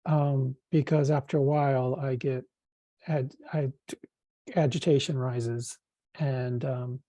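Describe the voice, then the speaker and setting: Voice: medium pitch, steady tone, slow pace, dark tone, no room sound. A person asking a hesitant personal question at a spiritual meeting, often searching for words.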